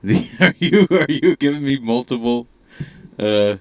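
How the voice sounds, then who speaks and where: A man's voice: medium pitch, animated, unhurried, darkish tone. A man co-hosting a podcast in casual chat, giggly and laughing often. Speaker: podcast co-host.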